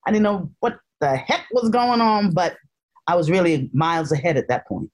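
A woman with a lower-pitched voice, an actress from the South raised in Harlem. She tells her stories with playful animation. She often slips into voices for the people in them. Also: moderate pace. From North Carolina, raised in Harlem, New York. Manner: animated, playful storyteller who puts on voices. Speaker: actress guest. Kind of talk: casual interview storytelling.

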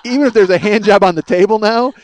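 A man's voice: high voice, fast. A middle-aged man telling a rambling, self-mocking comic story as a podcast host. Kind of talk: casual comedic monologue.

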